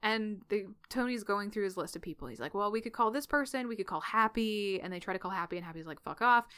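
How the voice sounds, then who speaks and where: Woman podcast co-host, bright tone, animated storyteller who voices each character's lines. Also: mid-range voice, clear, resonant tone. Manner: animated retelling with quick voiced quotes and laughs. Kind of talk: casual fanfic recap chat.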